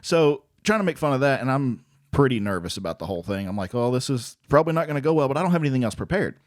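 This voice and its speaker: Easygoing male co-host, mid pitch, conversational. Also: very animated, very fast, dry recording, studio quality. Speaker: podcast co-host, comedian. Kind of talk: casual chat.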